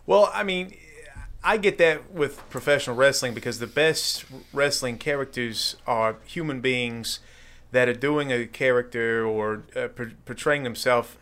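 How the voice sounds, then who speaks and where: A man in his forties from Baltimore, a radio and wrestling personality telling stories in an animated, casual way. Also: medium pitch, unhurried. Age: 40s. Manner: animated storyteller. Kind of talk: casual conversation.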